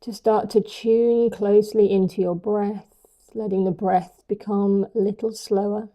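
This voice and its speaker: Mellow-voiced gentle yoga teacher woman. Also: mid-range voice, little pitch movement. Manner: slow, gentle and soothing. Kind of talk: guided yoga instruction.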